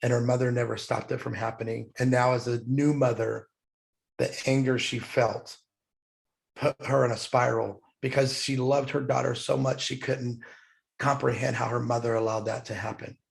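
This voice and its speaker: A man's voice: mid-range voice, little pitch movement, moderate pace, gravelly. A middle-aged man, a podcast guest, telling a personal story in an earnest, heartfelt way, getting emotional as he speaks.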